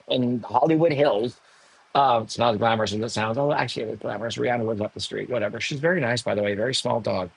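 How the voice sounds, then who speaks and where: A man in his sixties, a podcast guest, telling a personal story candidly, emotional and animated with self-mocking asides. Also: medium pitch, husky, no room sound, poor audio. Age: 60s. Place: home in the hills above a large city.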